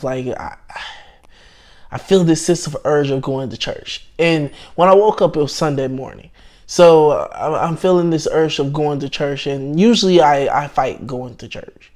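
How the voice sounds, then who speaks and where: Young man, casual storytime testimony, slightly higher voice, halting delivery with lots of restarts. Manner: hesitant, full of restarts and "like"; shifts between hushed and excited tellings. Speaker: channel host telling his testimony.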